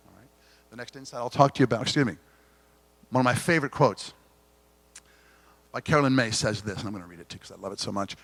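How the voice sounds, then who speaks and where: A middle-aged man giving an inspirational keynote talk at a conference, earnest and gently confessional, with dramatic pauses. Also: mid-range voice, no room sound. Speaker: keynote speaker. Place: conference hall stage.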